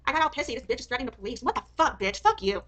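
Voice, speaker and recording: Fast, high-pitched woman ranting. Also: very animated, a bit bright, slight background noise, poor audio. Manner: heated, swearing, angry rants. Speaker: commentary streamer. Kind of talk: reaction commentary.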